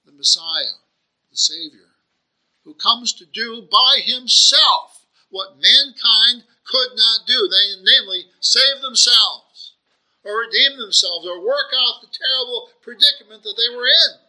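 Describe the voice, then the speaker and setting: A man's voice: high voice, pushed and bright, poor audio. A man preaching a sermon, earnest and searching, asking rhetorical questions and often restarting his phrases.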